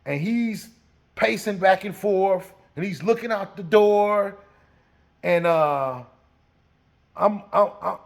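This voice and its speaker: A man's voice: high voice, slow, vocal fry, long pauses. A man casually telling a rambling story from his youth. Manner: rambling, laughs through the telling.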